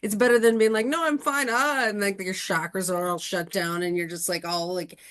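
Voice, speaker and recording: A woman astrologer hosting a casual podcast chat, talking in an animated, chatty way with many fillers. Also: on the low side, a little fast. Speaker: astrologer and host.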